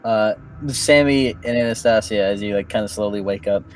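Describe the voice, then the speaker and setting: A man's voice: lowish voice, moderate pace, a little hiss or hum, poor audio. A man narrating a tabletop role-playing game as game master, hesitant with many fillers.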